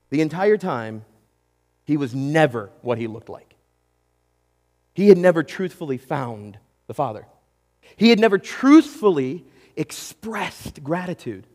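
A man preaching a sermon in an animated way, acting out quotes and talking straight to his audience. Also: a little high, long reverb tail. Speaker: pastor.

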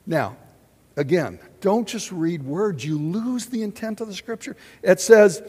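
A man preaching a sermon, animated and asking his congregation questions as he teaches. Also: fairly high pitch, normal speed, husky, long reverb tail. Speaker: pastor.

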